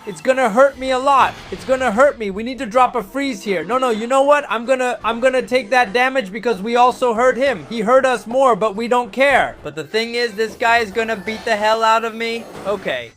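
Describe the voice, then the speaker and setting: A man hosting a gaming channel, narrating matches with excited commentary and cheering and cursing at the plays. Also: very high voice, fairly quick, hardly any pauses.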